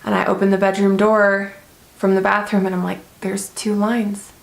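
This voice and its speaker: A young woman chats through a long personal story for her vlog, rambling and filling pauses with "like" and "um". Her voice sits at a middle pitch. The room around her is roomy and echoey. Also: completely flat delivery, creaky. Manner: chatty, rambling, lots of "like" and "um". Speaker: vlogger.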